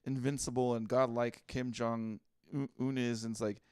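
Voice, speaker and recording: Reading listener posts aloud on a comedy podcast he co-hosts, a man speaks a little slowly in a flat, smooth, darkish voice of medium pitch. His casual riffing is blunt, profane and heavy with fillers, recorded dry in a clean studio.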